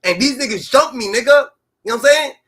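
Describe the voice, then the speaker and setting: A man's voice: very high-pitched, expressive, fast talker, sharp tone, slightly rough. A man hosting a livestream, rambling through street commentary with "da, da, da" fillers. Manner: rambling, fills with "da, da, da". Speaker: livestream host.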